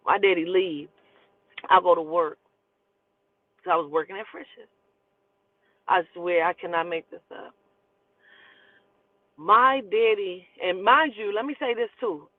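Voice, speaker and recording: A woman's voice: on the low side, unhurried, pauses often. A woman in her forties tells her own story bluntly and with a lot of swearing and emphasis. The sound is thin and phone-like, and there is no room echo at all. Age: 40s. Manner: blunt, profane, emphatic retelling. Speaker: storyteller host. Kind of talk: casual storytelling. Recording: tinny phone-like, dry sound.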